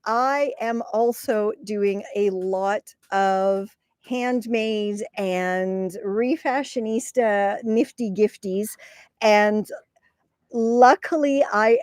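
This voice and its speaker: A woman's voice: on the high side, slow, a little mellow, no echo, clean studio sound. A woman hosting a casual livestream, chatty and rambling, laughing often and reading viewer comments aloud. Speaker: content creator hosting a livestream.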